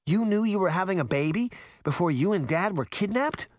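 Man doing a worried young girl, pitched way up, anxious questions, storybook read. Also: lively intonation, brisk, no room sound, clean studio sound. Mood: alarmed. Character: young girl, elder sister, anxious and sharp.

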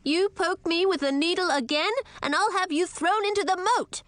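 A woman's voice: very high voice, moderate pace, fairly bright tone, no echo, pitched above the performer's own voice. A woman voicing a spoiled young princess who snaps haughtily at those around her. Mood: snappish. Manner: snappish, haughty. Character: spoiled young princess bride, sharp and imperious.

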